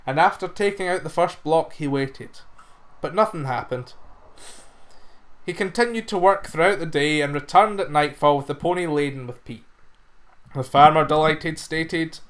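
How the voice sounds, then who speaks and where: A man narrating a folk fairy tale in an expressive storytelling manner. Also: fairly high pitch.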